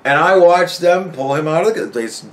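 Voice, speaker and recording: A man hosting a podcast, telling a story in a casual, profane, animated rant and laughing often. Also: fairly high pitch, moderate pace. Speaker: podcast host.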